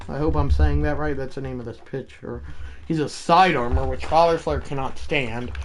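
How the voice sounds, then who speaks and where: A man with a slightly high voice calls a baseball game play by play. He rambles and corrects himself between pitches, then bursts into shouts on big plays. A faint noise sits behind him. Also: steady tone, moderate pace. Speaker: streamer calling a baseball video game. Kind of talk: play-by-play commentary with rambling asides.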